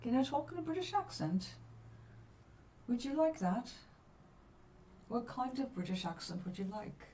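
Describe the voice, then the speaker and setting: A woman's voice: fairly high pitch, very animated, dark tone. Woman chatting on a live stream, easygoing and soothing, kinda far from the mic, faint hum behind. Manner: soothing, chatty and unhurried, with long pauses. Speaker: livestream host reading cards for viewers. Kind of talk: relaxed live chat with viewers. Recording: somewhat distant mic with faint background ambience.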